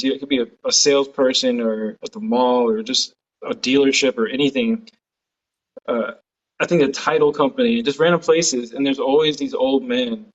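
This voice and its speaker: A man's voice: medium pitch, lo-fi sound. A man hosting a casual chat, rambling and hesitant, swearing casually. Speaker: podcast host.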